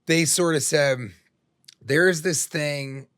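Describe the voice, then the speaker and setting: A man's voice: fairly high pitch, fairly even intonation, slow pace, fairly bright tone, smooth, no echo, studio quality. A middle-aged man, a comedian guest on a podcast, telling long rambling stories full of jokes and swearing. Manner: rambling, profane, jokey storytelling. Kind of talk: casual interview chat.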